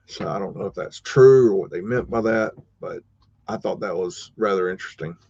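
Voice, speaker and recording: Hosting a live show, a man with a fairly low, darkish voice talks briskly and casually through old photos, drifting into rambling asides and chuckling along the way. The sound is dull, dry, and lo-fi.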